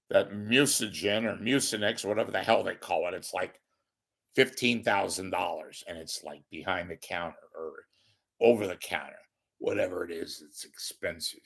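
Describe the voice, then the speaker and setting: Gravelly, hoarse man rambling. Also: sits low, moderate pace. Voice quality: gravelly, crackling. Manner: wisecracking, self-deprecating, swings from loud to hushed. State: hoarse, congested voice. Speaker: podcast host asking for donations. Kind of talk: rambling comic monologue.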